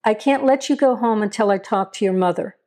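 A woman voicing a stern, steady male small-town sheriff who gives firm, measured commands. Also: mid-range voice, lightly acted.

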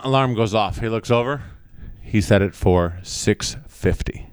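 A man telling a long joke on a casual podcast, jumping into high voices for the characters. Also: measured pace, clean tone, no echo, studio quality. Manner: animated storytelling, jumps into high voices for the characters. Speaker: podcast co-host.

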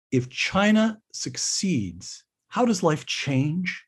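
A man hosting an interview, introducing his guest and reading quotations in a measured, deliberate way. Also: mid-range voice, lively intonation, husky. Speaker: interviewer host.

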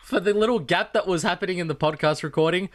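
A man's voice: sits high, fast talker. An Australian man co-hosting a podcast, talking in a casual, jokey way and laughing often. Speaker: podcast co-host. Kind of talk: casual chat.

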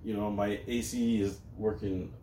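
A man in casual podcast chat, lively and laughing along. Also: fairly low pitch, unhurried, distant mic, slight background noise. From Canada. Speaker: podcast co-host. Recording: echoey, a bit off-mic.

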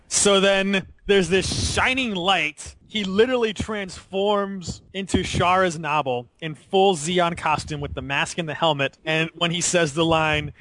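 Guy hosting a podcast, kinda high voice, chatty and laughing a lot. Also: unhurried. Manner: animated, laughs often while retelling. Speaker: podcast host. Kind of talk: casual podcast discussion.

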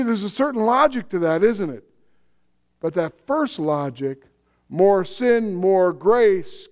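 A man with a high voice preaches a sermon at an unhurried pace. He is deliberate and emphatic and poses rhetorical questions to his listeners. On solemn points he sinks low and soft.

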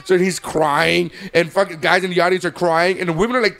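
A man's voice: high voice, quick pace, few pauses, a bit bright, soft background music. A man telling a story in casual chat, swearing often and acting out quotes in a raised voice.

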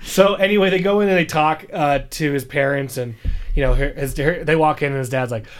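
A man's voice: on the high side, a little fast. A man co-hosting a podcast, recapping a show in casual chat with joking asides. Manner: joking, rambling, with playful asides. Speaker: podcast co-host.

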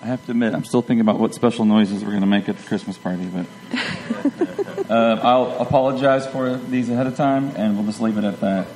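Man, church campus minister, deadpan joke teller, low voice, self-deprecating. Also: fast talker, hardly any pauses, reverberant, slight background noise, poor audio. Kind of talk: telling jokes from the stage.

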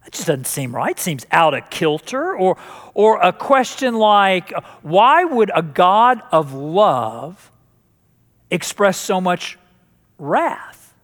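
A male pastor preaches a sermon with a jokey touch and often repeats words as he restarts his sentences. His voice sits high for a man. The sound rings out with the long reverb of a church hall. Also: very animated, slow, fairly bright tone.

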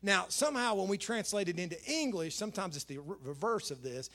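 Middle-aged male pastor, high voice, chatty sermon delivery with emphatic scripture readings. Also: expressive, fast, a bit bright. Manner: conversational preaching with repeated phrases and emphatic scripture quotes.

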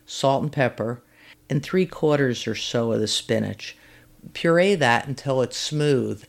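A woman who volunteers as a master gardener, reading a scripted segment with friendly, step-by-step cooking instructions. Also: extremely low pitch. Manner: friendly, instructive, recipe steps read at an easy pace.

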